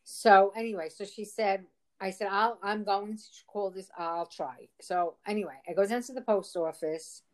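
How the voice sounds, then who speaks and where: A woman's voice: mid-range voice, normal speed. A woman in casual conversation, retelling a frustrating ordeal in a rambling, exasperated way, quoting what others said. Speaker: storyteller. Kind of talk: casual phone chat.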